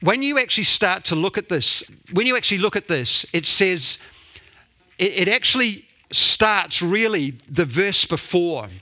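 Male pastor, bright, fairly high voice, chatty sermon with jokes. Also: animated, measured pace. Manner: playful, jokey asides.

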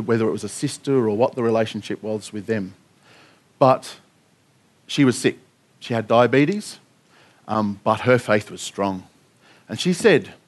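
A man speaking as a pastor, giving an earnest sermon testimony, telling a story with frequent restarts. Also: mid-range voice.

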